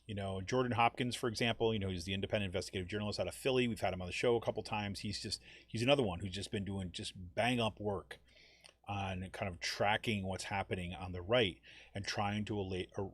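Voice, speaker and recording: Rambling low-voiced male podcast host. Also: fairly even intonation, quick pace. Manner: rambling, frequent "you know" and "right?". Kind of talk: casual political talk.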